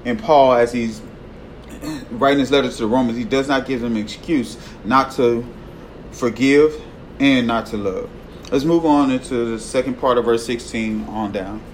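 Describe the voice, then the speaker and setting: A man preaching a sermon in a conversational way, often tagging his points with "right?" and swinging from loud emphasis to a hushed voice. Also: medium pitch, normal speed, a little hiss or hum, rough recording. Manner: conversational, tags lines with "right?".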